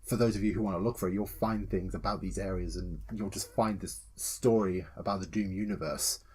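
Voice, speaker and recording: A man co-hosting a casual gaming podcast, excitable and swearing freely, acting out scenes with yelps and laughter. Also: sits low, brisk, husky. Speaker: podcast co-host.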